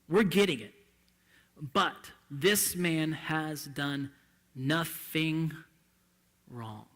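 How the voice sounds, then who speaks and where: A male pastor preaching a sermon in a church, impassioned and swinging between hushed and loud delivery. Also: on the high side, unhurried, in a large hall.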